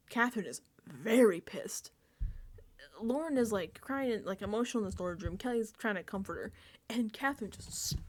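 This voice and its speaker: A woman doing casual recap commentary on her vlog, animated and profane and laughing often. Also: on the high side. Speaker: reality TV recap vlogger.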